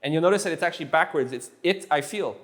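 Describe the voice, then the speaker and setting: A man teaching a casual one-on-one language lesson, patiently repeating phrases slowly so they sink in. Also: on the high side, a bit bright. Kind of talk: casual tutoring session.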